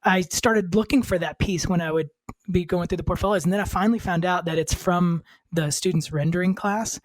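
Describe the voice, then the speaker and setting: A man's voice: high voice, fairly quick, dry recording. A man, an art instructor, telling easygoing stories and joking in a casual podcast discussion.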